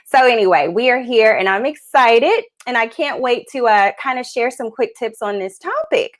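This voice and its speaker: A woman's voice: on the high side, lively intonation, normal speed. A woman hosting a live business tips stream, upbeat and chatty, a little out of breath. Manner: upbeat, chatty, greets viewers as they join. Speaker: host of a business tips livestream. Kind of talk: live-streamed coaching talk.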